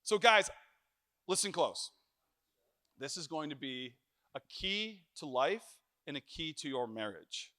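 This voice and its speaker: A middle-aged man preaching a sermon in church, telling stories with jokes and lively animation. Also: on the high side, a little slow, pauses often. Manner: animated, joking storyteller.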